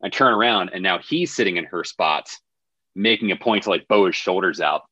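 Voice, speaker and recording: A man's voice: deep voice, brisk, sharp tone, no room sound, highs cut off. A man telling a funny story as a podcast guest in a laid-back, self-deprecating way. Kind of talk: casual storytelling.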